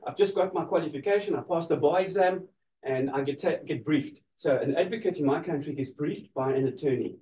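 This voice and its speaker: A man delivers a lively law lecture, teasing his students and laughing along with them. His voice sits high for a man. He is heard from across an echoey room, and the recording sounds dull and lo-fi. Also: recorded from a distance. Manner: playful, teasing the audience, laughing often.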